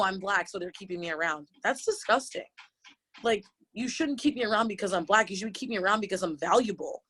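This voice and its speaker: Tearful and impassioned, a woman in her late twenties who teaches yoga shares a personal story on a panel. She speaks in a mid-range voice, halting often and restarting many times.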